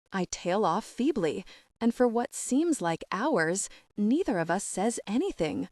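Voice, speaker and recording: A woman narrating a romantic comedy audiobook in the first person with a steady, measured reading. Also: medium pitch, dry recording, clean studio sound.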